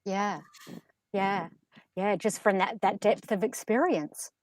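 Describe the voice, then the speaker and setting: A woman, chatting casually and telling stories in a lively way that often breaks into laughter. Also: medium pitch, slow pace, dry recording, low-quality recording. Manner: animated storyteller, laughs easily. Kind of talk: casual spiritual chat.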